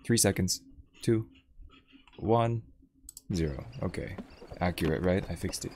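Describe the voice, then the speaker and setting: A man's voice: deep voice, expressive, moderate pace, long pauses, darkish tone, a little hiss or hum. A man streaming a video game, commenting in a playful, chatty and self-deprecating way. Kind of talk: casual gameplay commentary. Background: game music.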